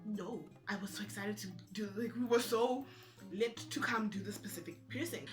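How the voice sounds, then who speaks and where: A young woman vlogging, telling a personal story in a casual, animated way and acting out what others said. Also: mid-range voice, a little fast, over music. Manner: animated, acts out other people's lines in quotes.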